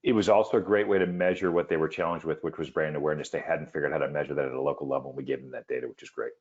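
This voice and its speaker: Deep-voiced man hosting a webinar. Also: steady tone, racing, dull audio. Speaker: webinar host. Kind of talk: business webinar presentation.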